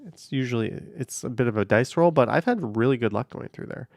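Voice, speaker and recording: Driving and hosting a laid-back livestream, this man rambles through viewer comments offhandedly, often saying "I don't know." He has an expressive, creaky mid-range voice and talks fairly quickly. Captured dry by a car-mounted camera, the audio is still studio quality.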